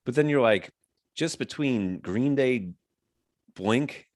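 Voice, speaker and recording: A man in his thirties, a guest chatting casually on a podcast, telling stories with lively pitch jumps when he mimics others. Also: slow pace, no echo, studio quality. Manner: animated storytelling, mimics voices with pitch jumps. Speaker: guest, music writer.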